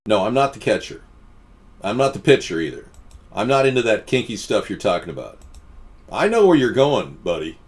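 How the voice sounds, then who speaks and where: A man's voice: on the low side, very animated, normal speed. Rambling man hosting a live stream. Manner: rambling, answers chat comments, many restarts. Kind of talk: casual live stream chat.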